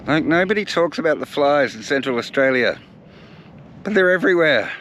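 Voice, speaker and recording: Male travel vlogger, chatty and self-mocking, very slow unhurried delivery, loud outdoor noise behind him. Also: fairly high pitch, lively intonation. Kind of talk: casual travel vlog narration. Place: outdoors on location.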